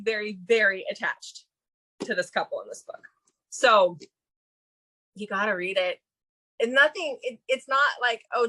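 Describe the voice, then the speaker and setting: Bright, gushing woman book reviewer. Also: a little high, rough recording. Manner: chatty and gushing, with many restarts. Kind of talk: casual chat about books.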